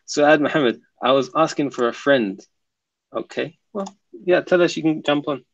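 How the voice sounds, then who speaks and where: Gravelly-voiced man hosting a live stream. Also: fairly high pitch, moderate pace, muffled recording. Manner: reads viewer comments aloud and answers them, laughs often. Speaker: livestream host reading chat. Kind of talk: casual live chat.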